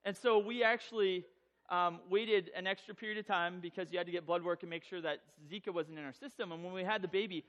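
High-voiced man telling a funny story. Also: quick pace, lo-fi sound. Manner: humorous, self-mocking; animated, acts out voices in his telling. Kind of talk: personal story told to an audience.

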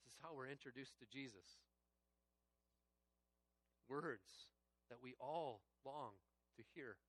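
A male pastor preaching a sermon, earnest and personal, moving between hushed reflective passages and raised, emphatic preaching. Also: mid-range voice, slow, husky, no echo. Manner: earnest and personal, addressing listeners as friends.

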